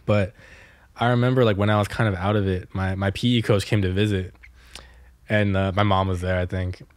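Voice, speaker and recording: A man's voice: deep voice, flat delivery, fairly quick, no echo. A young man co-hosting a podcast, telling rambling stories in casual chat with lots of fillers and laughter. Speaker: podcast co-host.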